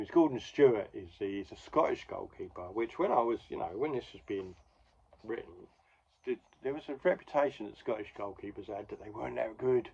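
A man's voice: fairly low pitch, creaky, darkish tone, breathy edge, muffled recording. A man in his forties casually retelling a comic strip with wry asides. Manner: wry, conversational, full of asides. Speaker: comics podcast host.

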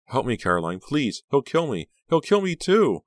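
A man's voice: sits low, moderate pace, fairly bright tone, no echo, clean studio sound, pitched above the performer's own voice. A man voicing a frightened teenage girl who pleads in a breathless panic. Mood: panicked pleading. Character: terrified teenage girl on the run.

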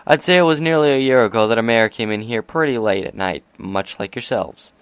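A man reading aloud and voicing a gruff, boisterous male pony bartender. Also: medium pitch, brisk, no echo, lightly acted. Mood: storytelling.

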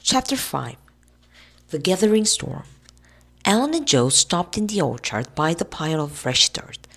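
Woman storybook reader, low voice, lively pitch, gravelly edge. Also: a little slow. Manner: expressive, lively reading. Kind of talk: reading a children's novel aloud.

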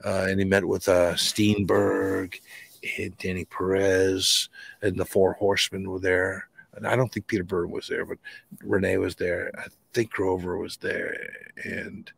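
A middle-aged man from New England, a guest telling a paranormal encounter story in a colloquial, swearing, animated way. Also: low voice, measured pace, creaky, breathy edge. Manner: colloquial, swears casually, restarts often. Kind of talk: animated storytelling in a podcast interview.

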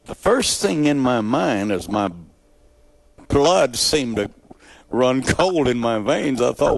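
A man preaching his testimony as a dramatic storyteller, swinging between loud, high emphasis and quiet, low asides before a live audience. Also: animated, slow, vocal fry, dry recording. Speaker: evangelist telling his testimony.

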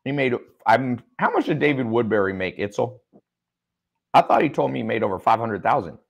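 Speaking a little fast in an animated, creaky mid-range voice, a man hosts a livestream as an online business mentor. He jokes around and reads viewer comments aloud from a studio with a sound engineer.

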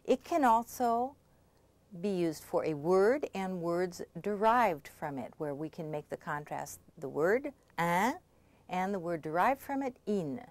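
A woman's voice: lowish voice, animated, a little slow, a little mellow, no room sound. Patient woman teaching pronunciation. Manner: patient, clear explaining with frequent check-ins. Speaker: language instructor. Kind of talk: scripted pronunciation lesson.

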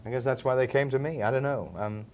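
A man's voice: medium pitch, steady tone, quick pace, slight background noise. A man, telling stories as a film actor being interviewed, chatty and chuckling now and then. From England, Liverpool. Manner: chatty storyteller, often chuckling. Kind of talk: relaxed interview chat.

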